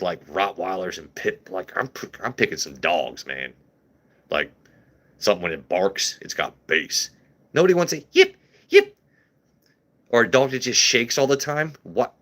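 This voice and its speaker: A man's voice: on the low side, fairly bright tone. Crude joking whiskey-stream host, a man. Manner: crude, joking, talks back to chat. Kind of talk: casual livestream chat.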